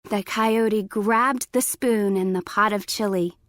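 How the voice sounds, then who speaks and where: Woman storyteller, unhurried read-aloud, dry close mic. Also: medium pitch, steady tone, no echo.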